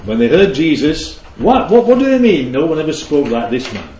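A man's voice: on the high side, big pitch swings, normal speed, warm tone, slight background noise. A man leading a group Bible study, teaching interactively and keeping the group involved with frequent check-ins. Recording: roomy, slightly dull recording.

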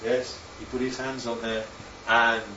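Guy preaching, lively, keeps asking yeah? right?, echoey hall mic far off, faint room hum. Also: medium pitch, unhurried. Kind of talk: sermon. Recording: echoey, distant, dull sound with faint ambience.

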